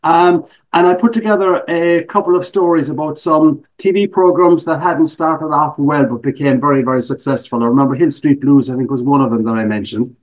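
A man's voice: fairly high pitch, fairly quick, few pauses. A middle-aged man from Ireland with an Irish accent, a guest speaker telling stories in a casual interview with self-mocking humor.

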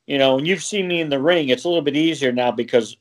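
A man's voice: medium pitch, quick pace. A man who works as a wrestling referee, chatting casually on a podcast, laughing often and rambling with plenty of fillers.

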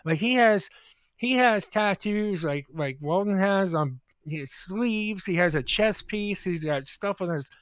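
A man co-hosting a comedy podcast who rambles through his anecdotes, laughing and stumbling over his words. His voice sits a little high, and the recording is dry and close. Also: lively intonation, measured pace, fairly bright tone, clean tone, no echo. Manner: laughing, rambling, stammers and restarts. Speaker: podcast co-host. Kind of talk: casual comedy podcast storytelling.

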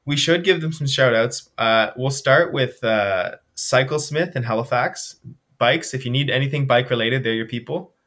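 A man's voice: medium pitch, normal speed. A young man from Nova Scotia, a charity runner, telling stories animatedly with lots of fillers in a casual interview over a video call. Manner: animated storytelling, frequent fillers. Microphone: remote video call.

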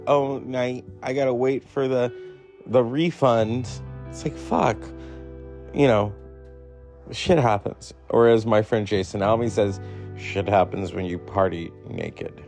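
A man in his forties talking in a rambling solo monologue, swearing and mocking himself, jumping high when he quotes himself. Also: animated, slow pace, creaky, a little mellow, faint music behind. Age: 40s. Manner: swearing, self-mocking, jumps between topics.

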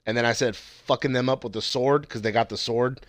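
A young man in casual chat, going through his notes on a TV episode, swearing freely and mimicking the characters in sudden high yelps. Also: fairly even intonation, brisk, no room sound, clean studio sound. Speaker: co-host reviewing a TV episode.

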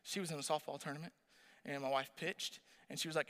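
Bright-voiced animated male preacher. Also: on the high side, fast. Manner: animated storytelling, asks the audience questions. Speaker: pastor. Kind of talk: sermon.

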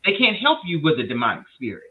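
A woman hosting a faith conversation over a remote call, encouraging and animated. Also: low voice, fast talker. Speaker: host. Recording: tinny remote phone line.

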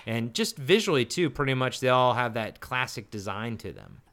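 A man from Maryland co-hosts a podcast in loose, casual chat. He rambles eagerly and restarts his sentences often, and his voice sits at an ordinary middle pitch for a man. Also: big pitch swings, moderate pace, fairly bright tone. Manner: rambling and enthusiastic, with frequent restarts. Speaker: podcast co-host.

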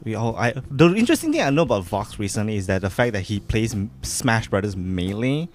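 A man's voice: fairly low pitch, big pitch swings, fairly quick, faint music behind. A young man from Malaysia co-hosting a podcast, talking casually in playful, slangy, teasing banter. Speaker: podcast co-host. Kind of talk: casual chat.

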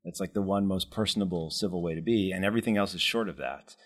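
A man in a casual chat, talking in a measured, thoughtful way and gently pushing back. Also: deep voice. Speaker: co-host.

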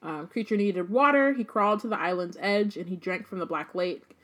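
A woman's voice: mid-range voice, moderate pace. A woman co-hosting a podcast, casually summarizing a book chapter in a loose, chatty way. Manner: chatty, loose, frequent "um" and asides. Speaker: podcast co-host.

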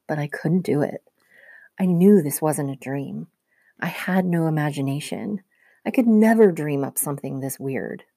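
A woman teacher reads a novel aloud to her class in a low, mellow voice. Her narration is steady and even, recorded dry with no room sound. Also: dry recording.

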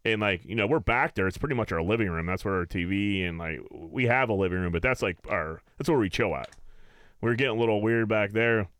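A man's voice: fairly low pitch, lively intonation, fast talker, fairly bright tone, clear, resonant tone, no room sound. A man co-hosting a casual podcast, telling crude stories with lots of animation. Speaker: podcast co-host.

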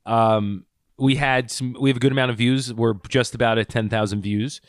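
A man's voice: mid-range voice, fairly even intonation, normal speed, no echo, clean studio sound. A man co-hosting a podcast in casual chat, laid-back and easily amused. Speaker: podcast co-host.

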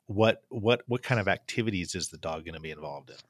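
A man with a low voice hosting a business interview. He asks questions, often restarting his sentences, in a dry, close recording. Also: fast talker, no room sound. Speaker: podcast host.

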